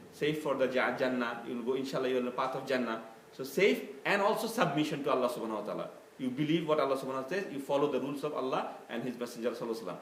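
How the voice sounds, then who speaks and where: A man teaching a Quran study class in a mosque, explaining with many fillers and acted-out quotes, recorded on a phone. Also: fairly high pitch. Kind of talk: religious lesson. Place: mosque hall. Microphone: phone camera. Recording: echoey room with faint noise.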